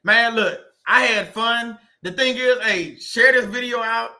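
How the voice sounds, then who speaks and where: A man's voice: extremely high pitch, measured pace, pushed and bright. A man hosting a casual livestream, laughing often and reading viewers' comments aloud. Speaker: livestream host.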